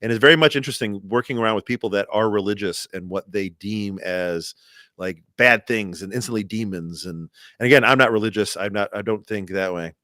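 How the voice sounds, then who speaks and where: Rambling low-voiced man. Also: fairly quick, no room sound, clean studio sound. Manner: rambling, restarts a lot, trails off quietly. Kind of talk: casual chat.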